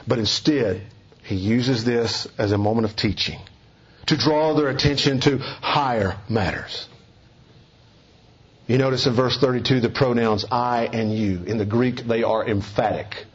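A man preaching an expository sermon in a measured, earnest teaching manner, often dropping soft for emphasis. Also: medium pitch, muffled recording.

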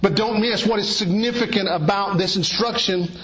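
A man preaching a sermon with a slightly high voice. He exhorts earnestly, sinking low and then climbing to emphatic peaks. The recording is dull and lo-fi. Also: normal speed, a bit bright.

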